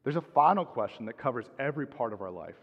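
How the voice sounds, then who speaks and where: A middle-aged man preaching a sermon as pastor, calm and measured, letting his phrase ends drop softly. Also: mid-range voice, creaky. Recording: dull sound with long hall reverb.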